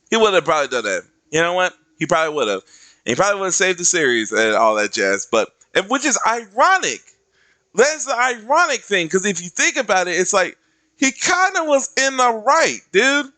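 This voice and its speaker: A man streamer ranting casually, slangy and animated, dropping into other voices to act out quotes. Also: high-pitched, moderate pace, no echo. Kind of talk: casual rant.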